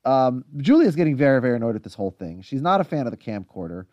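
A man's voice: mid-range voice, sing-song, quick pace, a little mellow, dry recording, dull audio. A man co-hosting a podcast, casually recapping a TV episode in chatty detail with lots of asides. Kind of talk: casual chat.

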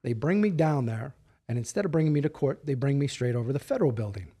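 A middle-aged man, a podcast guest, telling a story in a casual, animated way and acting out the dialogue. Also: medium pitch, fast talker, husky.

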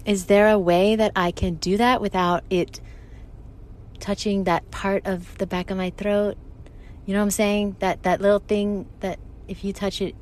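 A woman co-hosting a casual chat, joking around and firing off quick questions. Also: medium pitch, a little mellow, slight background noise. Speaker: podcast co-host. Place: parked car.

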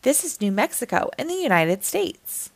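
A woman's voice: fairly high pitch, big pitch swings, moderate pace, vocal fry, dry recording, heavily acted. Woman reading as a cheerful old Santa. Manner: warm, smiling, gently explaining.

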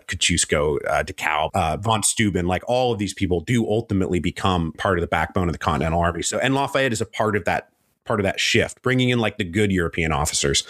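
A man's voice: sits low, a bit bright, no echo, clean studio sound. A man guest on a history interview, telling the story in a casual way and acting out the people he quotes in mock voices.

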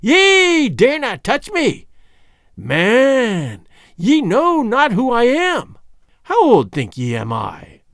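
A man voicing a wicked, ancient female witch-doctor in an audiobook, with a piping, shrill voice and slow, drawn-out threats. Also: wildly swooping pitch, a bit bright, no room sound, clean studio sound, exaggerated voice. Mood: shrieking. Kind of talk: audiobook character voice.

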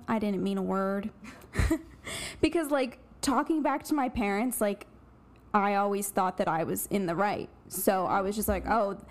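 A chatty woman guest on a podcast. She talks freely and breaks into laughter easily. Her voice sits in a middle register. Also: medium pitch. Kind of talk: casual podcast chat.

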